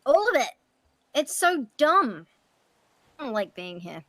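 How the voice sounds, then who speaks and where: Woman playing a high, swinging-voiced hothead who stammers and apologizes, dry close sound. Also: very animated, bright, forceful tone, no room sound, full character voice. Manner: stammering, swearing, quick apologies. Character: blunt, hot-tempered, apologetic woman. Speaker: streamer role-playing her character. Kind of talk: improvised role-play chat.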